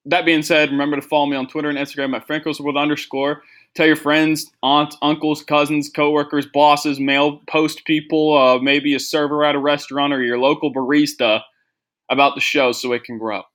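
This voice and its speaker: A man's voice: fairly high pitch, flat delivery, moderate pace, a bit bright. A young man hosting a comedy podcast, rambling and self-deprecating, with lots of "like" fillers. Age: young adult. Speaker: podcast host. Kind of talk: casual comedy podcast monologue.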